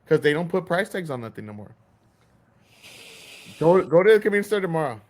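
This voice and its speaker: A man's voice: on the high side, very animated, a little fast, darkish tone. A man hosting a podcast, ranting in casual, profane chat and acting out store clerks' lines. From Texas. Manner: heated, swearing, acts out store clerks. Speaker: podcast host.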